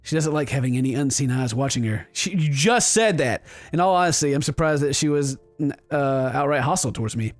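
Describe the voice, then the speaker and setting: A man's voice: medium pitch, a little fast, hardly any pauses, no room sound. A young man hosting a gaming video, commenting casually and reading the game's lines aloud in playful voices. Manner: animated, playful, reads game dialogue aloud in voices.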